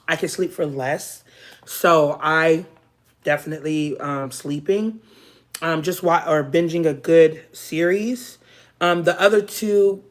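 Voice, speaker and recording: An American woman hosts a relaxed live stream. She chats candidly and jokes as she answers viewers' comments. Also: sits low. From United States. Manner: candid, joking, reads chat comments aloud. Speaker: livestream host. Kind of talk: casual chat with viewers.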